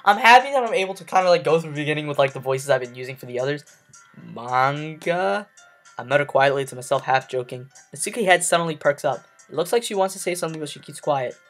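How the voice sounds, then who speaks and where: A man reading a game's text aloud as its player, breaking off with expressive emotional reactions. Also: fairly high pitch, racing, hardly any pauses, soft background music. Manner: expressive, reacting with emotional outbursts between read lines. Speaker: let's play host. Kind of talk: reading and reacting during a game playthrough.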